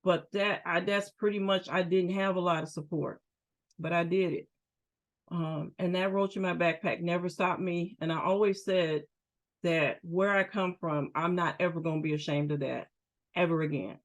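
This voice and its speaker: A woman's voice: lowish voice, steady tone, moderate pace. A middle-aged woman, a podcast host and therapist, telling her personal story in a candid, emphatic, conversational way with frequent restarts. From United States.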